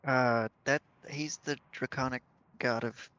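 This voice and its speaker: A man's voice: mid-range voice, steady tone, measured pace, fairly bright tone, smooth, dull audio. Man casually explaining during a game. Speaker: player. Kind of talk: casual tabletop game chat.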